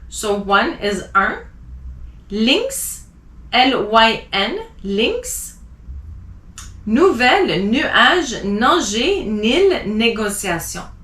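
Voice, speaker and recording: A woman teaching a language lesson, spelling out letters and slowly repeating example words. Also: fairly high pitch, fairly bright tone, roomy sound. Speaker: French teacher.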